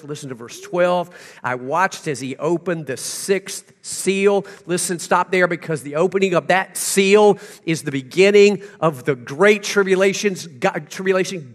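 Preaching to his congregation, a pastor tells a story, then moves between slow, hushed passages and loud, emphatic ones. His voice runs fairly high.

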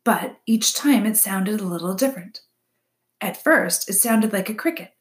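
A woman voicing an excitable, screeching male owl in a read-aloud storybook, high and alarmed. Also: moderate pace, natural voice. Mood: puzzled.

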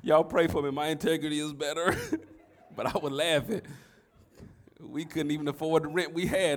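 A middle-aged man, preaching a sermon that swings from soft storytelling to shouting. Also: on the high side, steady tone, normal speed, pauses often. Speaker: pastor.

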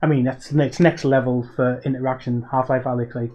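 A man's voice: mid-range voice, level tone, fairly quick, highs cut off, crowd noise. A man, a guest on a podcast, telling chatty anecdotes with lots of fillers. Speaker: guest, content creator. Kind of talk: casual chat.

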